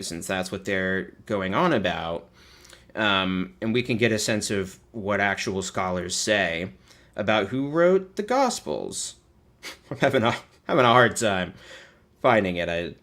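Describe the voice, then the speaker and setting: A man giving sarcastic, profane commentary while streaming. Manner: swears freely, lively pitch swings.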